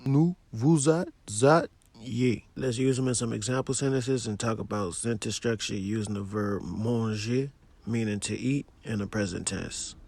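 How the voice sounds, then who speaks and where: A man giving a casual language lesson, explaining in a relaxed, plainspoken way. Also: fairly low pitch, normal speed, gravelly. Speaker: language teacher.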